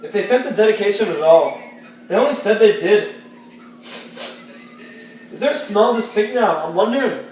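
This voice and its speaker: A sour, cutting daughter, as a man plays her, pitched high for a man. She talks down with scornful sarcasm. The voice sounds far from the mic in a very echoey room. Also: expressive, moderate pace, long pauses, a little mellow, a little hiss or hum. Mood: bitter. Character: bitter, sharp-tongued Irish daughter, middle-aged. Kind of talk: amateur stage-play acting.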